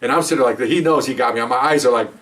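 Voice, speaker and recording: An older man, a retired police officer, tells stories in a quick, lively way. He often pauses to check in with "okay?" and restarts his sentences as he goes. His voice comes from a little way back from the microphone. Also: mid-range voice, far from the mic. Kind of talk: casual anecdotal storytelling.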